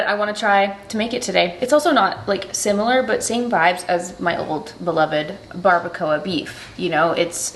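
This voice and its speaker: A woman vlogging from her home kitchen in a relaxed, chatty way. Her voice sits low and turns gravelly with vocal fry. Faint background noise comes through the vlog camera mic. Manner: chatty, bubbly, self-deprecating asides. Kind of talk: casual vlog chat. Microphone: handheld vlog camera.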